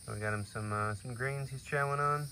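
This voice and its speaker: A man who keeps an animal sanctuary, narrating a casual vlog and chatting gently to the animals. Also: mid-range voice, a little fast, slight background noise. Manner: relaxed, chatty, speaks softly to the animals.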